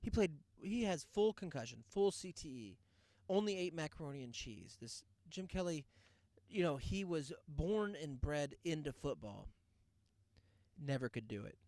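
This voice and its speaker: Sarcastic man, lively swooping pitch, dry close sound, podcast host rant. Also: moderate pace, dry recording. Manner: loud, sarcastic rants with laughs. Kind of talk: casual solo rant.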